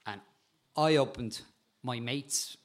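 A man with an animated way of telling stories, a guest talking casually about insects and spiders and laughing at times. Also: medium pitch, slow pace. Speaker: guest, insect and frog expert. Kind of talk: casual storytelling chat.

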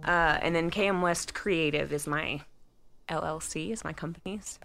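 Low-voiced woman author chatting. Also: moderate pace, gravelly, a bit bright. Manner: rambling, filler-heavy, upbeat. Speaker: author guest. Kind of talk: casual interview chat.

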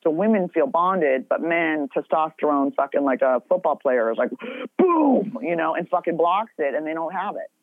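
A woman's voice: low voice, moderate pace, no echo. A middle-aged woman in casual podcast chat, talking bluntly with lots of swearing and rambling asides. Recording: tinny phone-like sound.

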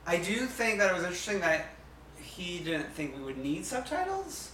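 Bright man, roomy distant mic. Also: high voice, big pitch swings, normal speed. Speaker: podcast co-host. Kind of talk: casual chat. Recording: echoey room, mic at a distance, faint noise.

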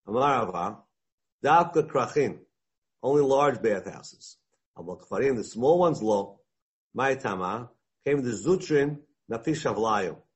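A man leads a Talmud lesson, moving between English and Hebrew and Aramaic quotes. His voice sits at an everyday middle pitch with a husky, slightly rough edge. He gets animated and plays out the voices in the text as he explains. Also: a little slow. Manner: animated, mixes Hebrew and Aramaic terms into English, acts out dialogue. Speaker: Talmud teacher. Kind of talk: Talmud class lecture.

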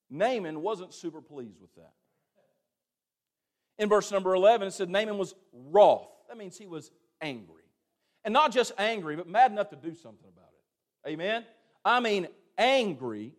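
A man's voice: high voice, lively intonation, unhurried, long pauses. A man preaching a sermon, folksy and dramatic, calling for amens and acting out scripture.

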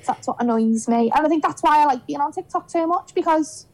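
A young woman from Liverpool with a Scouse accent, chatting on a podcast as a guest and telling lively stories where she acts out what people said. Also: sits high, a little fast, rough recording. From Liverpool, England. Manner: animated storyteller, acts out quotes. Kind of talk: casual chat.

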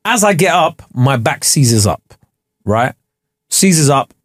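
A young man, co-hosting a podcast, telling an animated, slangy story and laughing often. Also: fairly high pitch, slow pace, no echo, studio quality. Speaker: podcast co-host. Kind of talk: casual banter storytelling. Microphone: studio podcast mic.

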